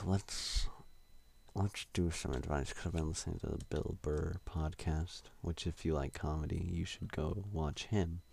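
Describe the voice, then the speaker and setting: A man's voice: very deep voice, steady tone, unhurried, vocal fry, darkish tone, breathy edge. A young man hosting a solo podcast, rambling and self-deprecating with lots of hesitations. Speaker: podcast host.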